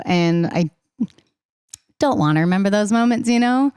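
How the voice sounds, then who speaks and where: A young woman in casual podcast chat as a singer-songwriter guest, talking fast and laughing, acting out the voices she quotes. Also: medium pitch, animated, darkish tone, clear, resonant tone, dry recording, clean studio sound.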